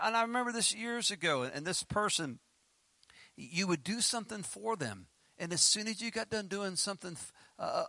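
Male pastor, bright forceful tone, close dry mic, animated sermon delivery. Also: vocal fry, no room sound. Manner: animated, laughing, acts out quotes with pitch leaps.

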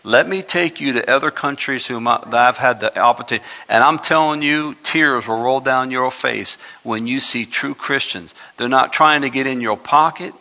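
A pastor with a mid-range, pushed and bright voice preaches a sermon in his church sanctuary, building in intensity and speeding up or slowing down for emphasis. The recording is muffled and carries a long hall reverb.

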